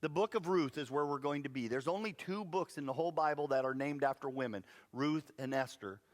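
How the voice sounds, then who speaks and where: A man preaching a sermon, telling a Bible story in a lively way with playful asides. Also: a little high, brisk, big-room sound. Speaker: pastor. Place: church sanctuary.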